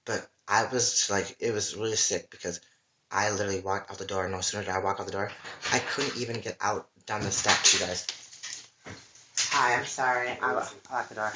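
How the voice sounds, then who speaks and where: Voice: low voice, steady tone, brisk, background noise. A livestreamer in a casual, rambling monologue, emotional and full of swearing. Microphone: webcam or phone mic.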